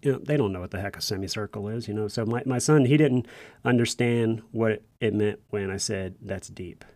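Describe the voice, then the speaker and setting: A man's voice: fairly low pitch, fairly quick, a little mellow, no room sound. A man, likely in his thirties, telling a folksy personal story to first responders in an earnest, conversational way, with frequent restarts. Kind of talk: casual storytelling monologue.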